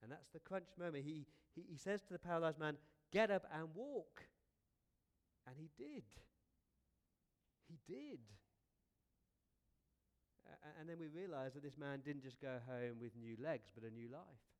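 Male preacher, slightly high voice, animated storyteller, chatty, rhetorical questions. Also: normal speed, long pauses. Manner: lively, conversational, repeats words, rhetorical questions. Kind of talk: storytelling sermon.

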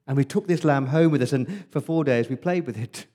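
A man preaching as an Israelite firstborn boy, telling the Passover night story in the first person, hushed in its dark moments. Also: mid-range voice, fairly quick, natural voice. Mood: wondering. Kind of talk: first-person dramatic monologue in a sermon.

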